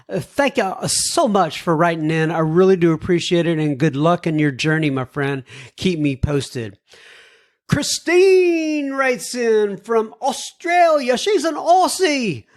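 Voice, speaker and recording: A man hosting a recovery podcast, reading listener emails aloud in an unhurried, folksy way, adding appreciative asides and letting his voice drop low and soft at the ends of sentences. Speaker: podcast host.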